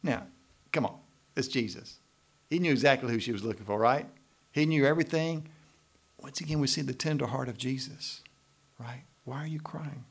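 A male pastor delivering a sermon in a church, his middle-pitched voice carrying a gravelly edge. He preaches with lively swings and loud emphasis, tossing "right?" to the congregation between points. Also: a little fast, pauses often.

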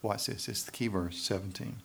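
A man's voice: on the low side, steady tone, brisk, creaky, breathy edge. A man preaching a sermon, building emphasis and tossing in frequent questions to the congregation. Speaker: pastor.

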